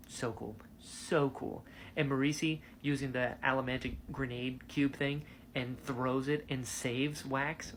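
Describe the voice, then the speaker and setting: An excitable man talking through his reactions to a book in a casual vlog. His pitch swoops widely as he gushes, gasps and slips into mock voices for the characters. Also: a little hiss or hum. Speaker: book reviewer.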